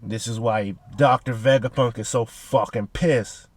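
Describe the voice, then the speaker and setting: A man casually recapping a manga chapter with heavy profanity and slang, excitable and animated. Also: medium pitch, measured pace.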